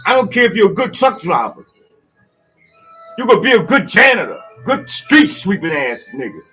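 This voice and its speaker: A man with giving a rambling, preachy motivational monologue that swings from loud outbursts to low asides. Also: very animated, normal speed, slightly rough, faint music behind. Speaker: speaker giving a motivational talk.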